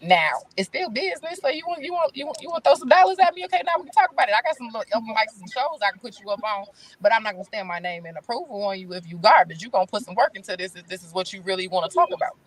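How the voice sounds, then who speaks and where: A woman's voice: on the high side, big pitch swings, racing, no room sound. Blunt, slangy woman in her thirties. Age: 30s. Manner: candid, blunt slangy talk. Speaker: guest. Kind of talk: casual chat.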